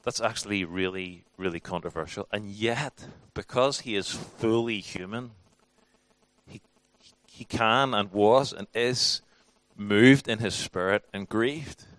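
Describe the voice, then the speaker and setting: A man's voice: fairly low pitch, unhurried, a bit bright, no echo. A man teaching a church class in a conversational, informal sermon style, with frequent restarts and acted-out quotes.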